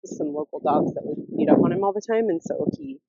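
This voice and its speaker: Lively chatty woman on a dog walk. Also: brisk, vocal fry, husky, no echo, lo-fi sound. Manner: rambling, chatty, with laughs; high cooing baby talk to her dog. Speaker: vlogger. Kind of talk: casual vlog chat.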